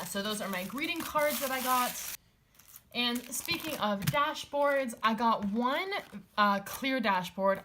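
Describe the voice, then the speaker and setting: A woman's voice: mid-range voice, sharp tone, a little hiss or hum. A woman in a casual chat, showing off a stationery haul, rambling with many fillers and restarts, and gushing over the items.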